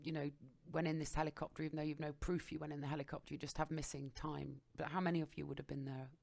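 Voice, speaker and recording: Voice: medium pitch, flat delivery, fast talker, gravelly, darkish tone, no room sound. A radio interviewer asking chatty, enthusiastic questions, often restarting sentences. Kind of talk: conversational interview.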